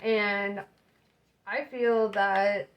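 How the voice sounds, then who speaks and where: A young woman talks her way through a casual tarot reading, loose and chatty, with plenty of fillers. Her voice sits at an ordinary middle pitch. She laughs often between the card readings. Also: steady tone, extremely slow, dull audio. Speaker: tarot reader.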